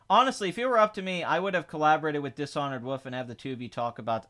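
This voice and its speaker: A man hosting a casual livestream podcast, rambling quickly and boasting in a mock-serious way. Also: fairly high pitch, pushed and bright. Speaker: podcast host.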